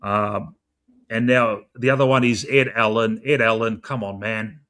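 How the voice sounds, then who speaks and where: A man's voice: lowish voice, steady tone, a little slow, fairly bright tone. A young Australian man previewing a football match, swearing constantly and pleading with the coach in an exasperated rant. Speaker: football fan podcaster.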